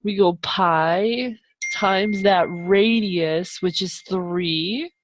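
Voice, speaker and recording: Drawing out her words at medium pitch, a young woman teacher delivers a live online math lesson over a video call microphone against a noisy background. She's upbeat and encouraging and makes chatty asides to her students.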